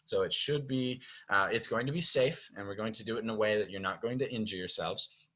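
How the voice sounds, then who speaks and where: A man's voice: on the low side, a little fast, a bit bright, poor audio. A man directing actors from home, explaining stage blocking in a chatty way, often checking in with "okay?". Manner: chatty, keeps checking with "okay?", sings music cues. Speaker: theater director.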